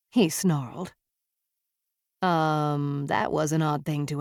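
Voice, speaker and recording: Audiobook narrator, woman, lower register, slow and measured, dry booth sound. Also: fairly even intonation, darkish tone, dry recording. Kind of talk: first-person audiobook narration.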